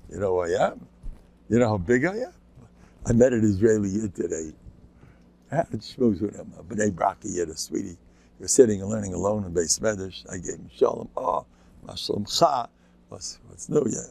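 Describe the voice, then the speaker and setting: Gravelly older rabbi, joking and chatty. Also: male voice, fairly low pitch, big pitch swings, moderate pace, dark tone. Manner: chatty, joking, chuckles between stories. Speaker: rabbi giving a class. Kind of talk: informal humorous talk.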